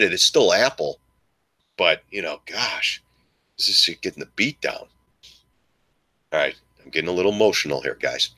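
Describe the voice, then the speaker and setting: A man giving excitable live stock market commentary to his viewers, joking and swearing as he goes. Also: deep voice. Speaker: stock trading streamer.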